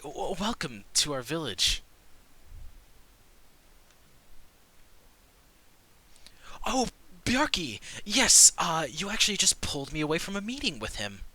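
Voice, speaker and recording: A man's voice: a little high, sing-song, moderate pace, sharp tone, pitched above the performer's own voice, heavily acted. A man doing a spry, gracious old village woman. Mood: welcoming. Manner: welcoming, chatty, overly courteous. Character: spry old village woman, polite but putting on an act.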